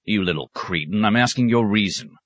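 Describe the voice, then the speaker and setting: A man's voice: on the low side, lively intonation, fairly quick, lo-fi sound, voice pushed up. A man doing a sarcastic stern old abbot. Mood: scornful. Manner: mocking, cutting, sometimes roaring.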